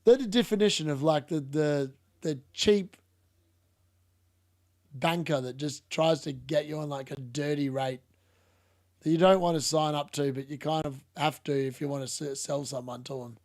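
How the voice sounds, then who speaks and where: A man's voice: a little high, normal speed, darkish tone, dry recording, studio quality. Chatty young man reacting to a match live. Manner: casual, chatty, laughs often, uses "mate". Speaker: football watchalong streamer.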